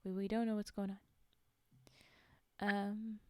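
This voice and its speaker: A woman's voice: medium pitch, little pitch movement, takes it slowly, no echo. A woman streamer reading a story aloud on a livestream, with chatty, giggly asides to her viewers.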